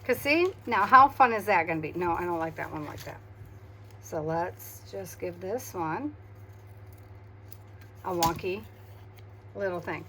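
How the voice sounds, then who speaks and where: Quiet woman murmuring over her crafts. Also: fairly low pitch, lively intonation, measured pace, pauses often, slight background noise. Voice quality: hums and murmurs to herself while working. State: quiet, tired after migraine. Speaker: craft video host. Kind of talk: casual crafting chatter.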